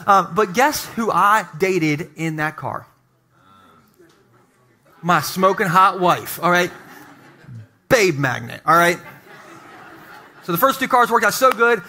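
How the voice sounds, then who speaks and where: A male pastor preaching to his congregation, telling humorous personal stories with animated asides. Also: sits high. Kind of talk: sermon. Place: church sanctuary.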